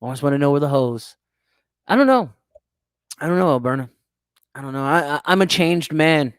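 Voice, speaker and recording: A man's voice: on the high side, fast talker, clean tone, dry recording. A young man, hosting a crude, teasing podcast chat and laughing often. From United States. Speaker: podcast host. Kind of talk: casual chat reading live chat.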